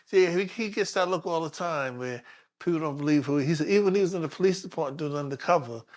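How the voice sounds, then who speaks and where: A man's voice: on the high side, fast talker. A man, a police detective telling stories in a casual interview and acting out the people in them. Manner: animated storyteller, acts out other people's voices. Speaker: retired police detective, guest.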